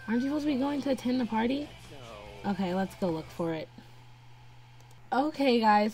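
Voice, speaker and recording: A young woman acts as gameplay narrator in a casual let's-play, speaking at normal speed in a medium-pitched, dark-toned voice with lively intonation and frequent pauses. She talks to her characters while playing, and faint game music sits behind her.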